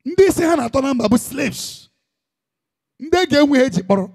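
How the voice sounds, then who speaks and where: A man's voice: extremely high pitch, lively intonation, moderate pace, creaky, a little mellow. A man with a Nigerian Igbo accent, preaching a sermon as a pastor in an impassioned, emphatic style full of repetition.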